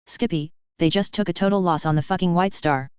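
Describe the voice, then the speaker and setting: A woman's voice: fairly low pitch, a little fast, a little mellow, smooth, no room sound, highs cut off, lightly acted. A woman reading the lines of a blunt, swearing human male ambassador.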